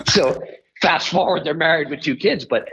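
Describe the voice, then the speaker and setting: A man's voice: on the high side, bright, forceful tone, a little hiss or hum, low-quality recording. A man, a podcast guest, telling a story in a rambling way and often correcting himself mid-sentence.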